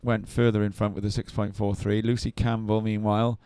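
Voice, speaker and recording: Lively low-voiced male surf commentator. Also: fairly quick, clean tone, no room sound, studio quality. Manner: chatty, enthusiastic banter with co-host. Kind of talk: live sports commentary.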